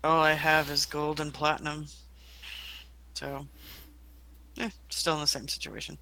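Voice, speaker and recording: A person playing a tabletop game, making dry, unhurried remarks. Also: medium pitch, completely flat delivery, bright, forceful tone, a little hiss or hum. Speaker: player. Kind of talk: casual tabletop play.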